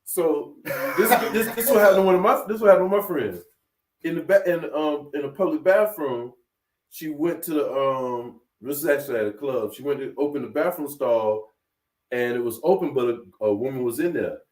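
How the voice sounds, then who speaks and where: A man's voice: fairly high pitch, normal speed, darkish tone, far from the mic. A man in casual chat telling stories with a loose, laughing delivery, quoting people in raised voices. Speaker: instructor. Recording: echoey room, away from mic.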